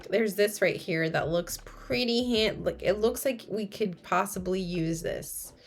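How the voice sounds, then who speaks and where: A young woman streaming live while she codes, thinking aloud, chatting with viewers and correcting herself mid-sentence. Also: medium pitch. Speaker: streamer teaching coding.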